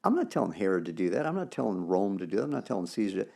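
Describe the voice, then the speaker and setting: A man co-hosts a faith podcast in a casual, animated way. His pitch leaps all over as he makes his points. His voice is gravelly and dark, and he often quotes scripture. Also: very fast. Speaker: podcast co-host.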